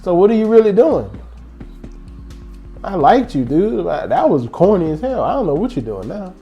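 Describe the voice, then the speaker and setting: A man's voice: sits high, moderate pace, dull audio, soft background music. A man hosting a casual basketball fan show, rambling and joking as he goes. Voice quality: animated, rambling, joking banter. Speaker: sports vlog host.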